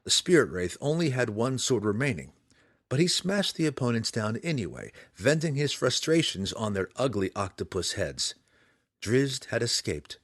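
A man narrating a fantasy audiobook with a dramatic, expressive reading. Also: medium pitch, moderate pace, no room sound, studio quality.

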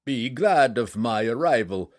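Man doing a gruff giant king, one-eyed, booming, slow, blunt, storybook reading. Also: animated, close to an everyday voice. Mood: hearty.

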